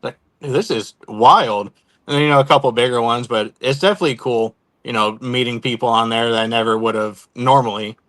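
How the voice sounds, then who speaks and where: Relaxed American guy from Oregon, podcast guest, mid-pitched, easygoing. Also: quick pace, few pauses. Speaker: guest, content creator. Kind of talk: casual chat.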